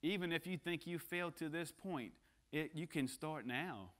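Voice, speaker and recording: A man's voice: on the high side, moderate pace, fairly bright tone. Joking, earnest man giving a church sermon. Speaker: guest speaker. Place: church sanctuary.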